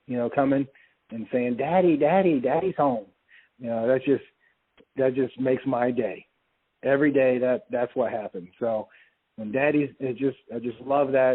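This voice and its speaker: A middle-aged man, a company president, talking casually about his family as an interview guest. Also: mid-range voice. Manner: warm, chatty storyteller with laughs. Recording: tinny phone-like line.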